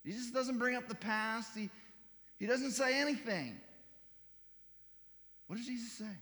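A man's voice: very high-pitched, unhurried, pauses often, a bit bright, big-room sound. A male pastor preaching a sermon in a church, emphatic and repetitive with stumbling restarts.

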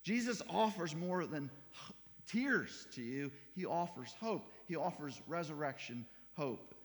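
A man's voice: a little high, expressive, unhurried, in a large hall. A male pastor preaching a sermon in a church, emphatic and repetitive with stumbling restarts.

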